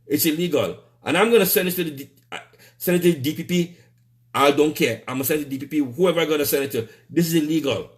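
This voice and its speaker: A man's voice: fairly high pitch, fast. Angry Trinidadian man ranting on a live stream. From Trinidad and Tobago. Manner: heated, repetitive, stumbling restarts, curses.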